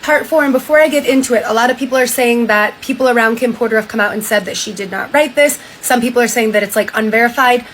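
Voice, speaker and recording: A young woman streamer casually retelling a diary, often dropping her voice low and flat for the quotes. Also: quick pace, hardly any pauses, a little hiss or hum, rough recording. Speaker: streamer reading a diary aloud. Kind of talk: casual reaction chat, retelling a story.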